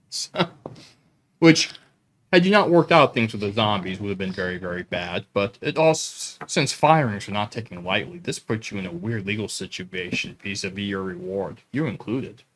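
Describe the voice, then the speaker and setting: A man narrating as game master of a tabletop role-playing game, playful and quick with asides. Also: fairly low pitch, animated, a bit bright, slight background noise.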